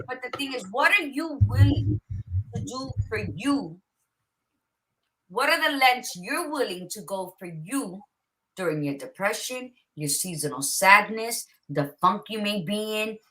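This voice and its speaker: A woman's voice: medium pitch, sharp tone, rough recording. A woman co-hosting a podcast in casual chat, blunt and profane, with no-nonsense advice. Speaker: podcast co-host.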